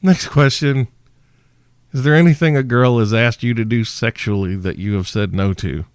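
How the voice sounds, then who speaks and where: A man's voice: mid-range voice, moderate pace, no room sound, clean studio sound. A man hosting a podcast, answering listener questions in a crude, brash, joking monologue. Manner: profane, brash, mock-seductive. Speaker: podcast host.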